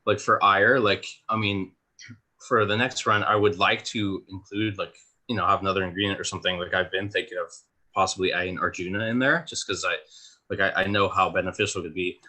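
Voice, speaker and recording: A young man who founded a supplement company, talking in a hesitant, halting way with many restarts in a casual roundtable chat. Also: sits low, steady tone, sharp tone.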